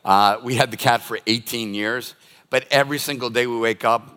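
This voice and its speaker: A man's voice: medium pitch, steady tone, moderate pace, pushed and bright, clear, resonant tone. An older man preaching a sermon as a pastor, telling stories and acting out everyday scenes. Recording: long reverb of a large hall.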